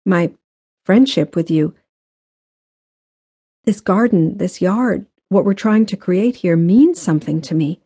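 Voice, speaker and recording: Wistful married woman; mellow, lower pitch, dry studio read. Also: lively intonation, takes it slowly, pauses often, slightly rough, exaggerated voice. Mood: longing.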